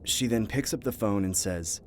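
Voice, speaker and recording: A man narrating a first-person horror story in a measured, scripted way. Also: fairly low pitch, a little mellow, a little hiss or hum. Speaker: narrator and voice actor.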